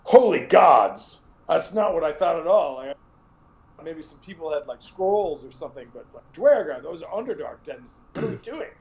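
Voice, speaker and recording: A man voicing a flustered, earnest woman sheriff in a tabletop game, halting and full of restarts. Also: fairly high pitch, very animated, slight background noise, voice pushed up, low-quality recording. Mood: alarmed.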